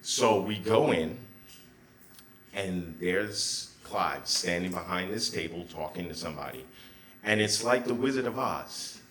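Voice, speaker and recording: A man telling a personal story on stage at a live storytelling show, animated and excitable, with loud bursts and hushed asides. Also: low-pitched, measured pace, slight background noise. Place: small theater before a live audience. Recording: roomy live theater sound.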